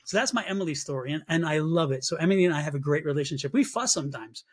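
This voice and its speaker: A man's voice: a little high, very fast, slightly rough. A man who works as a psychic medium, telling a story as an interview guest, acting out his own reactions and often repeating words as he restarts. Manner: animated, acts out his own past reactions in a raised voice.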